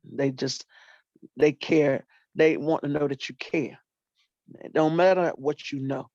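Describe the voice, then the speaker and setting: An older woman, a retired teacher and librarian, telling animated stories about her students in casual talk and acting out what people said. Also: low voice, measured pace, no echo. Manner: animated storyteller, acts out quotes, folksy Southern phrasing. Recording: dull lo-fi dry sound.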